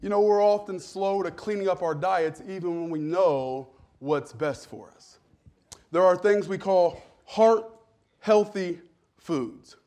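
A man's voice: high-pitched, slow, darkish tone. A male pastor giving a sermon with humorous, self-deprecating stories.

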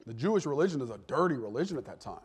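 A man's voice: medium pitch, big pitch swings, racing, slightly rough. A man preaching a sermon in a conversational way, asking the listeners rhetorical questions and repeating words as he builds each point.

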